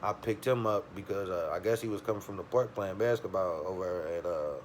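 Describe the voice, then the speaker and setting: Man, low voice, loose and profane storyteller, faint noise in the background. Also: fairly quick. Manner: streetwise, profane, animated retelling with quoted voices. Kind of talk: casual storytelling.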